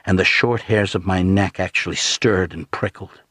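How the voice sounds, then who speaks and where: A man with a husky voice, narrating an audiobook in a low, grave, hushed tone. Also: moderate pace, no room sound, studio quality.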